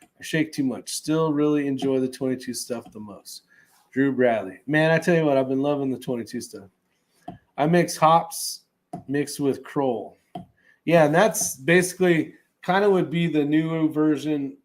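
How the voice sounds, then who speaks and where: A man hosting a relaxed livestream, reading viewer comments aloud and chatting loosely with plenty of fillers and chuckles. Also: fairly high pitch, unhurried. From California. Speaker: host reading live chat. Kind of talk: casual livestream chat.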